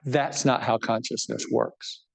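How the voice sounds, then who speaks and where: A man's voice: medium pitch, steady tone, unhurried, creaky, husky. A man, a bishop, giving an informal book talk to a live audience, conversational and joking, often checking in with his listeners. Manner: self-deprecating humor.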